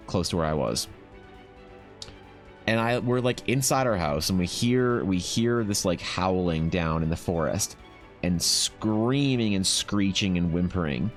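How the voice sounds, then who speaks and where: Low-voiced swearing Canadian man. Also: animated, moderate pace, soft background music. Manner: rambling, swears freely, frequent fillers. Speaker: streamer. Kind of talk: casual storytelling to live chat.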